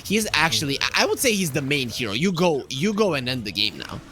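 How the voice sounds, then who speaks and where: A man casting an esports match with his co-caster, his pitch climbing high during exciting plays. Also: fast talker. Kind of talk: play-by-play commentary.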